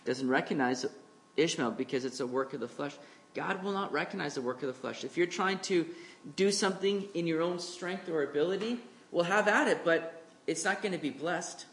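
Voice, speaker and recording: A male pastor delivers an expository sermon in a relaxed, conversational tone, with a voice a touch higher than most men's. He slows down and leans into scripture readings. He breaks into little acted-out voices for the people he quotes.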